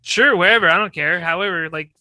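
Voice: mid-range voice, fast, bright, forceful tone, dry recording. A player in a tabletop game, offhand and laughing often. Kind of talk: casual game chat.

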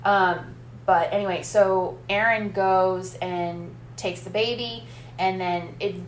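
A woman's voice: mid-range voice, steady tone, takes it slowly. Woman, casual chat, detailed plot recap, echoey room, faint hum. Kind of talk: casual film discussion.

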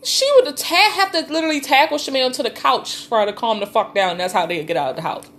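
A woman's voice: on the high side, quick pace, a bit bright, a little hiss or hum. Teasing, profane woman in a casual chat. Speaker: podcast co-host.

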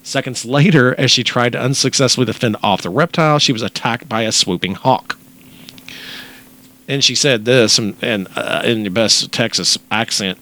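A man's voice: fairly low pitch, normal speed. A man co-hosting a casual podcast, reading a news story aloud and joking about it. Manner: animated, reads news aloud with jokes. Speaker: podcast co-host.

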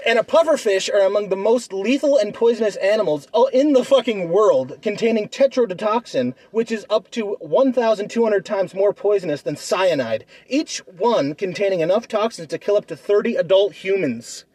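A young man in a heated comedic argument, boastful and swearing heavily as he talks fast. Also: high-pitched, lively intonation, a little mellow, no room sound, poor audio. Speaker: debater.

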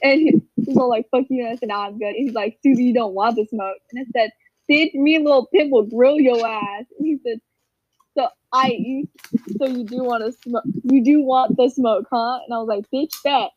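A teenage girl tells a story to friends on a call, animatedly acting out quotes and laughing often. Her voice sits on the high side at a moderate pace, and the call audio is dull, dry, and lo-fi.

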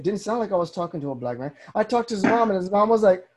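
Fast and nearly pause-free, this young man's high voice carries his podcast chatter. As host, he spins lively stories and performs the voices of whoever he's quoting, keeping the conversation loose and casual.

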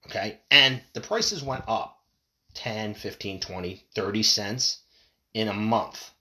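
A man giving a heated, profane solo commentary, jumping between loud bursts and low mutters. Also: slow pace.

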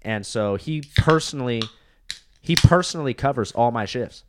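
A man of middling pitch guesting on a podcast as a comedian. He talks in a laid-back, casual way, swearing and dropping "dude" and "bro" as he goes. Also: expressive, moderate pace, background noise. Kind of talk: casual chat.

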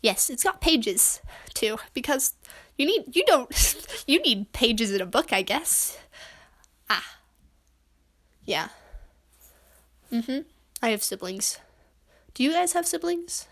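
A woman's voice: sits high, sing-song, slow, long pauses, fairly bright tone. A young woman from Utah hosting a solo podcast from her bedroom, chatting in a rambling, awkward, self-deprecating way. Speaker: podcast host.

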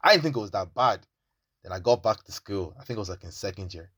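A young man co-hosting a casual chat, telling stories in an animated, slangy way. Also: fairly low pitch, fast talker, husky. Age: young adult. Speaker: podcast co-host.

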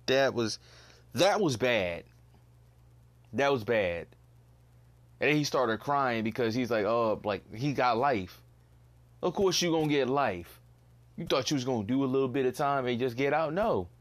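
A man's voice: medium pitch, lively intonation, a little slow, long pauses. A young man hosting a casual solo podcast, ranting bluntly, swearing and repeating himself in disbelief. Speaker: podcast host.

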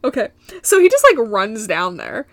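A woman's voice: mid-range voice, measured pace, a bit bright, dry recording. A young woman from Michigan hosting a solo podcast, recapping a show in a giggly, rambling way that drifts into tangents. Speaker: podcast host.

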